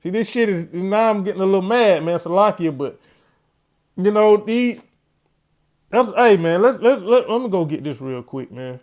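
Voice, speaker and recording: Man, high voice, preachy commentary host, keeps saying "man". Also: lively intonation, unhurried, pauses often, a little mellow. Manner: preachy, ends phrases with "man". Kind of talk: religious commentary.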